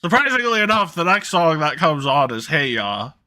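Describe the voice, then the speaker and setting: A man's voice: a little high, big pitch swings, normal speed, bright, forceful tone. A man running a tabletop game as game master, joking around and laughing at his own bits. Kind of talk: casual tabletop game narration.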